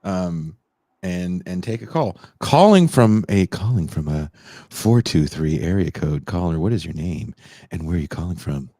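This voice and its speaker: A man hosting a call-in podcast in casual chat, reacting with loud gasps and laughs. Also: deep voice, normal speed, husky, no echo, studio quality. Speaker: podcast host taking callers.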